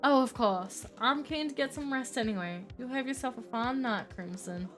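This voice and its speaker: A woman plays a rugged cowboy man in a video game, drawling his words in a loose, folksy way. The voice sits a touch high with some music running faintly behind it. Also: normal speed, a bit bright, natural voice. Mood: easygoing.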